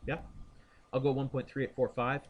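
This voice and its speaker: A male physics teacher working through a momentum problem aloud in class, thinking out loud and quizzing students by name. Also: mid-range voice, level tone, brisk, highs cut off.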